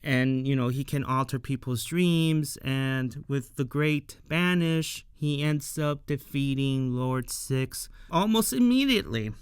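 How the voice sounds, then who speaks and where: Slow, crisp-voiced man recapping an episode. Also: mid-range voice, no echo, studio quality. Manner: chatty, many fillers, asks viewers questions. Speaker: show reviewer.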